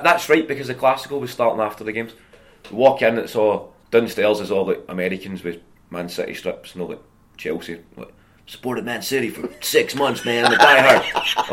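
A Scottish man in his thirties, a comedian and podcast guest, telling chatty, animated anecdotes in a casual way. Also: on the low side. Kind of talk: casual storytelling.

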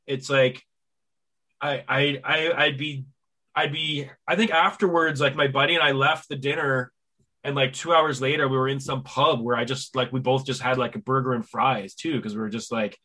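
A man hosting a podcast, chatting casually, telling stories in an animated way and stammering as he starts sentences. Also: mid-range voice, normal speed. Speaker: podcast host. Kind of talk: casual conversation.

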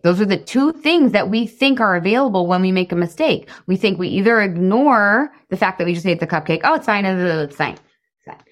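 A woman in her thirties giving a casual coaching talk, animated and laughing often, acting out quoted voices. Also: fairly low pitch. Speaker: podcast host and weight loss coach.

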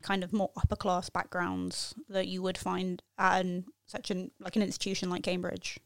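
A woman's voice: fairly low pitch, normal speed, no echo. Chatty woman hosting, dry sound. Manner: chatty, asks loose rambling questions. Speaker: podcast host. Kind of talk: casual chat.

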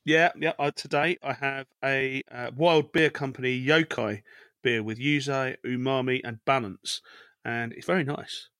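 A man's voice: medium pitch, fairly even intonation, a little slow, a bit bright, no room sound, studio quality. A man on a podcast panel, chatting in a friendly, teasing way. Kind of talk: casual chat.

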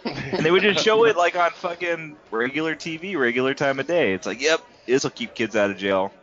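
A man's voice: fairly high pitch, expressive, a little fast, a bit bright. A man from California in casual chat, wry and freely swearing. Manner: profane, wry. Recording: muffled lo-fi recording.

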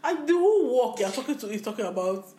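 Young woman, podcast co-host, lively pitch, laughs often, roomy echo. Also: quick pace. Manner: laughs often, teasing and expressive. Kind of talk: casual chat.

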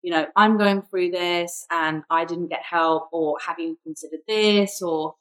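A young woman speaks as a podcast guest in a somewhat low voice. She talks openly and reflectively, looking back on a hard time in her life. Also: fairly even intonation, unhurried, a bit bright, rough recording. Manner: reflective, open, speaks of personal struggle. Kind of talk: candid conversational interview.

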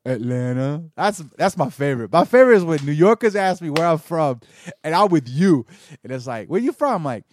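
A man's voice: on the high side, brisk. A man co-hosting a podcast in casual chat, telling stories and acting out other people's lines. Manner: animated storyteller acting out quotes. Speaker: podcast co-host.

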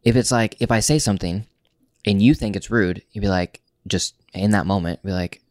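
A man in a casual couples chat, speaking haltingly with restarts and uneven pace. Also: on the low side, darkish tone, no echo, clean studio sound. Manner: halting, restarts words, speeds up and slows down.

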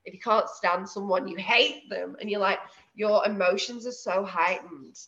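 An animated woman talks as a guest in a casual interview, laughing often and swearing without a second thought. Her voice sits at a middling pitch. The call audio sounds a little dull. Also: normal speed. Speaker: evicted reality show contestant, guest.

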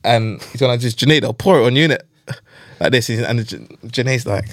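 A man tells a rowdy football story in a casual podcast chat. He keeps breaking into laughter and slangy asides, and his voice jumps way up when he gets excited. The recording is close and dry. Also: mid-range voice, fairly quick, dry recording.

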